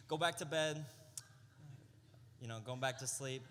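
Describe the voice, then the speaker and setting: A young adult man serving as a youth pastor gives a casual sermon built around stories, full of slang and rhetorical "right?" questions. His voice is high-pitched and moderately paced, with crowd noise and a long hall reverb on the recording.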